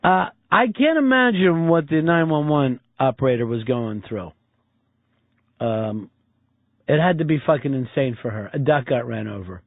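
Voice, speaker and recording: A man's voice: mid-range voice, moderate pace, dry recording. A man hosting a call-in radio show, joking loosely with callers. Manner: loose, jokey, mimics callers' accents. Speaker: radio talk show host. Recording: tinny phone-like broadcast sound.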